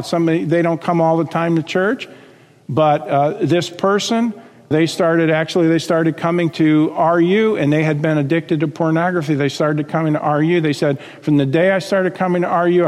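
A male pastor preaching a sermon, reading scripture and acting out quotes with lively emphasis. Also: fairly high pitch, normal speed, long reverb tail.

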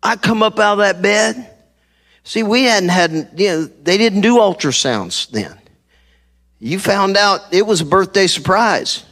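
A middle-aged pastor preaches from a church stage to his congregation, holding a handheld mic. His voice is high-pitched, lively, a little slow and somewhat bright, and he tells funny stories while acting out the people in them.

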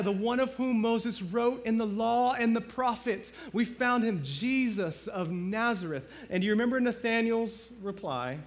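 A male pastor preaching a sermon in a conversational way, asking the congregation questions and building to loud, emphatic climaxes. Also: fairly high pitch.

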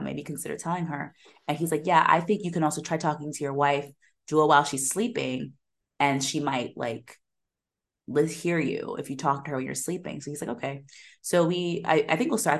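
Low-voiced woman retelling a film. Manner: animated retelling, slips into quoted voices, laughs often. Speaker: podcast co-host. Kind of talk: casual chat.

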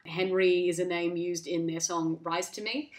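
A woman's voice: on the low side, steady tone, moderate pace. A woman co-hosting a podcast, casually retelling a film plot in a rambling way, full of likes and restarts. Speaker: podcast co-host. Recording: echoey room.

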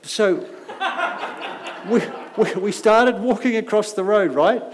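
A man's voice: sits high, takes it slowly, noisy background. A middle-aged man preaching a sermon, telling stories with humorous, self-mocking asides, heard in a church hall. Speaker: visiting preacher. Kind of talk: anecdotal sermon. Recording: long echo of a large hall.

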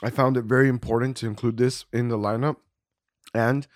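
A man's voice: medium pitch, fairly even intonation, a little fast, no echo, clean studio sound. A man co-hosting a podcast, rating beers in a casual, rambling way full of fillers and little laughs. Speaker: podcast co-host. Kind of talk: casual beer-tasting chat.

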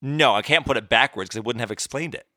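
A man's voice: mid-range voice, quick pace, pushed and bright, dry recording, clean studio sound. A man hosting a podcast quiz, explaining trivia answers in a chatty way with lots of fillers. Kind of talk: casual chat.

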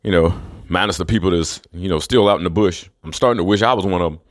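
A man's voice: low-pitched, fast, no echo, studio quality. A man rambling through a profane, scornful monologue, chuckling between remarks.

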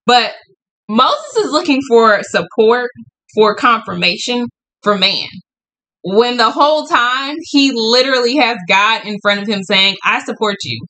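Woman podcast host, casual Bible study, bright tone, hyped up, stumbles and laughs. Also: a little high, a little slow, rough recording. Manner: excitable, stumbles and laughs, talks to listeners as y'all.

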